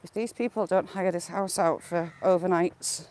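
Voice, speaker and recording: A woman's voice: fairly low pitch, steady tone, normal speed, darkish tone. A woman with a Northern English accent mixing Yorkshire and Geordie, live-streaming a walk through a village on a handheld phone. She chats away, greets viewers by name and points things out. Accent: Northern English, Yorkshire and Geordie mix. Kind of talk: casual live walk-and-talk. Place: outdoors in a village, walking. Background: crows calling, faint outdoor noise.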